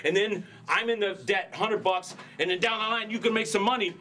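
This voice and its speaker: A man pitching instruments from his music store in a brash, ranting hard-sell style, swinging between shouts and mutters. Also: brisk.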